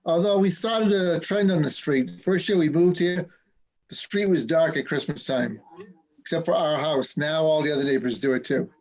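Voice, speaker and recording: A man chats on a live stream with a fairly high voice and an easygoing, joking way of telling stories. The sound is a bit dull and muffled, like it's coming in through a video call. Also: moderate pace. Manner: chatty, laughing between stories. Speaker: host. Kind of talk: casual chat on a live stream.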